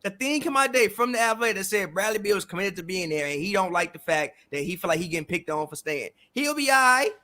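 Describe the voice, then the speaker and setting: A man with a high, bright voice talking basketball on a casual podcast. He argues in an animated, slangy way, circling back to the same lines again and again. His tone stays sharp and forceful. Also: fast talker, hardly any pauses. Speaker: podcast co-host. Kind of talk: casual sports debate.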